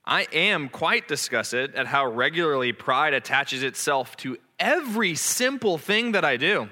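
A man's voice: on the high side, expressive, a little slow, bright, forceful tone. A man in his thirties preaching a sermon as a pastor, earnest, candid and self-deprecating. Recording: long echoing reverb of a large hall.

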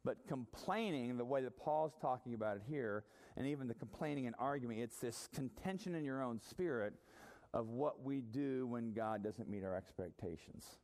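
Man preaching a lively, chatty sermon. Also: medium pitch. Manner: animated, conversational preaching with asides to the congregation. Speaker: pastor. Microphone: microphone.

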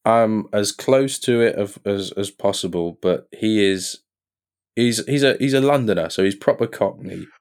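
A man, an actor guest on a podcast in a pub, telling lively anecdotes and acting out what others said. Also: lowish voice, moderate pace. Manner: lively storyteller who acts out quoted lines.

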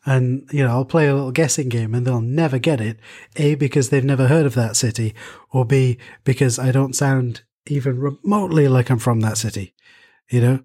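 A man's voice: mid-range voice, fairly quick, mellow. A man co-hosting a casual podcast chat, rambling with restarts and frequent ums.

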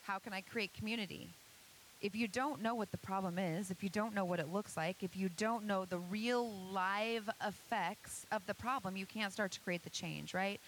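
A woman's voice: mid-range voice, normal speed, a little hiss or hum, rough recording. A woman giving an earnest presentation to an audience, asking many rhetorical questions. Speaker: speaker giving a church presentation. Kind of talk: motivational talk to an audience.

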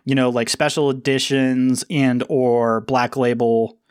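A man's voice: mid-range voice, little pitch movement, a little slow, a little mellow, clean tone, no echo, studio quality. A man co-hosting a comics podcast, chatting casually and tossing in joking asides. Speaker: podcast co-host. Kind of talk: casual chat.

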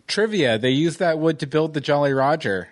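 A man co-hosting a casual rewatch commentary, joking with deadpan fake trivia. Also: fairly high pitch, moderate pace. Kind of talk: casual chat watching a show.

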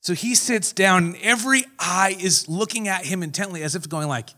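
A man preaching with animated storytelling, slipping into voices for the people he describes. His voice sits a little high for a man. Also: moderate pace, hardly any pauses. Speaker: pastor. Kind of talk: sermon.

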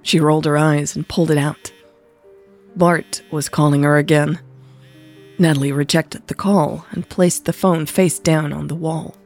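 Low, husky woman reading a story. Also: fairly even intonation, measured pace, darkish tone, soft background music. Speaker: podcast host and author. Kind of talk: scripted narration of a romance story.

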